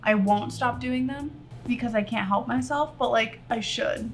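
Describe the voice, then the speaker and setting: A woman's voice: a little high, normal speed, faint music behind. A young woman vlogger chatting casually through a makeup tutorial, rambling and joking at her own expense as she talks to her viewers. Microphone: camera on a tripod.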